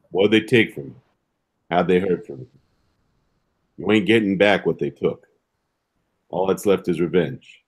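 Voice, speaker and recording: Brief: man playing a lower-pitched tough-talking gutter fixer with a street drawl. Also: darkish tone. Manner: gruff slangy street talk, ain't and gonna. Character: streetwise male gutter fixer addressing the crew.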